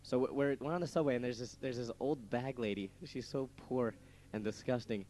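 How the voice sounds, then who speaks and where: A young man on a small radio show, telling stories in a loose, stammering ramble and laughing at his own lines. His voice sits at an ordinary middle pitch. A faint hum runs under the recording. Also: a little fast, warm tone. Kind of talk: casual radio banter.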